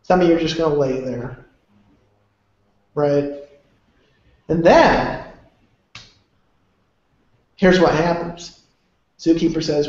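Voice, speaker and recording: A man's voice: on the high side, slow, long pauses, darkish tone. A man giving a rambling, emphatic motivational talk with casual cursing. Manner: emphatic, rambling, salty language. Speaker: motivational speaker. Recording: very echoey, dull lo-fi room sound.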